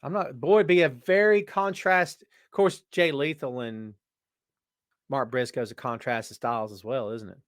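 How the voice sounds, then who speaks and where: A man hosting a live wrestling podcast, chatting casually and reading out viewer comments in an animated way. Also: mid-range voice, normal speed, no echo, studio quality. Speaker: podcast host. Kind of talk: live-chat wrestling talk.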